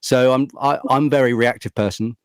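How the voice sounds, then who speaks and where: Relaxed man hosting, dry close sound. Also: medium pitch, fairly quick, clean tone, dry recording. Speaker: podcast host. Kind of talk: casual interview chat.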